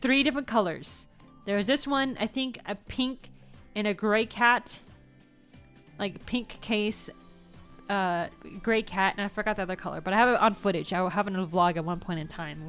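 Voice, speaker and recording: This woman's voice is medium in pitch with a fairly bright tone. She's an American VTuber vlogger in a casual show-and-tell about her purchases, meandering, correcting herself, and swearing once in a while.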